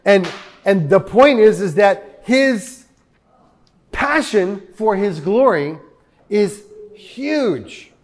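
A man's voice: high-pitched, expressive, extremely slow, pauses often. A man preaching a sermon to his congregation in a conversational way, with asides to the listeners. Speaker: pastor.

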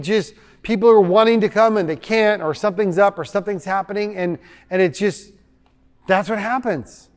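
A man pastor preaching a sermon, animated, acting out the voices he quotes. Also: high voice, big-room sound.

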